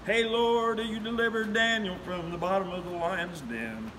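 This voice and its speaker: A man's voice: sits high, fairly even intonation, moderate pace, big-room sound, background noise, voice pushed up, natural voice. A man calling out as a frightened preacher begging the Lord. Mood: pleading. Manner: loud, pleading cries. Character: frightened male preacher pleading with God.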